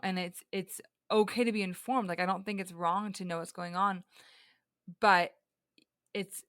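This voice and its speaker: A woman's voice: medium pitch, fairly bright tone, dry recording, clean studio sound. A young woman talking earnestly and reflectively in a casual podcast conversation, with frequent fillers and restarts.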